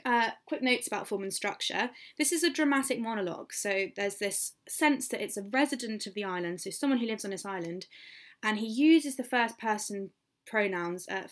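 A woman's voice: medium pitch, fairly bright tone. A woman English teacher with an English accent gives a recorded poetry lesson, explaining as she goes, thinking aloud with fillers and correcting herself.

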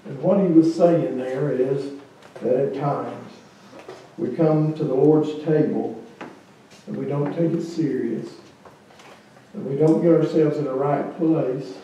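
Male pastor, slow earnest sermon, mellow voice, echoey sanctuary miked from afar. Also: medium pitch, lo-fi sound, a little hiss or hum. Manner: earnest, pleading invitation to come forward. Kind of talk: sermon and communion liturgy. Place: church sanctuary. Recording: echoey church from a distant mic.

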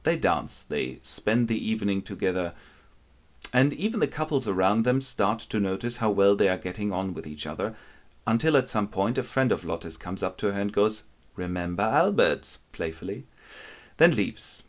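A man's voice: fairly low pitch, lively intonation, moderate pace. Wry man telling a story. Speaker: narrator. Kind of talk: comic literature summary.

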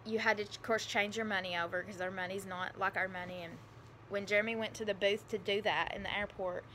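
Bright-voiced woman with a country accent. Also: mid-range voice, steady tone, fairly quick, slight background noise. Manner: rambling, earnest, many fillers. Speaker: adoptive mother vlogger. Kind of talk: casual storytelling.

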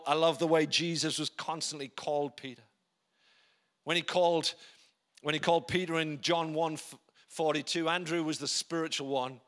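A man preaching a sermon in church, emphatic, often dropping to quiet low tones for effect. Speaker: pastor.

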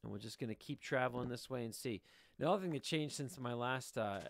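A middle-aged man with a gravelly voice chats casually over his gameplay from a room at home, speaking into a desk mic. He rambles and cracks jokes, chatting to his viewers as he plays, and his pitch sits in the ordinary middle range. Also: a little fast. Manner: rambling, jokey, talks to viewers while playing. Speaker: gaming video host. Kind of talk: casual let's-play commentary.

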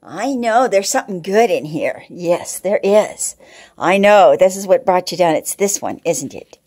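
A woman's voice: lowish voice, sing-song, slow, a little mellow, husky. A woman in a home video, cooing baby talk to her cats with frequent gasps and small laughs. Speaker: cat owner filming her pets.

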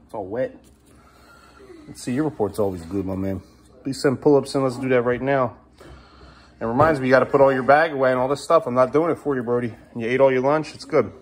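A father vlogging at home speaks in a mid-range voice at a fairly quick pace. While tidying up indoors, he firmly repeats short commands to his child.

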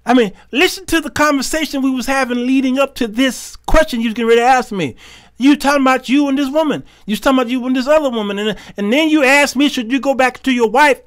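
Talking fast, a male talk show host with a ringing, bright, high voice delivers stories preacher-style. Every character in the dialogue gets acted out, laughter erupts, and his volume jumps from hushed asides to loud punch lines.

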